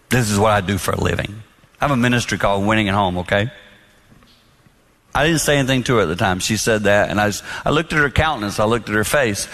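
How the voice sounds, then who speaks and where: A man preaching a sermon on marriage, telling personal stories in a lively, confessional way. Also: lowish voice. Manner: animated storytelling, confessional. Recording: long reverb in a large hall.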